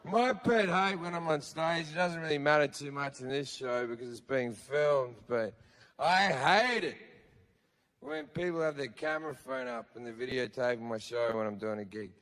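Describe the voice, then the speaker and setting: A man's voice: mid-range voice, expressive, normal speed, fairly bright tone, big-room sound. A man performing a stand-up comedy set on stage, telling stories in a profane, sardonic way into a handheld mic. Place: live theater stage. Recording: live show with faint crowd noise.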